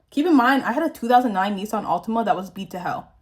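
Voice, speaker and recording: Animated and fast-talking, a young woman with a medium-pitched, slightly mellow voice tells a story about a fake friend. She's a Southern US vlogger doing her makeup and doesn't hold back on the profanity or frankness.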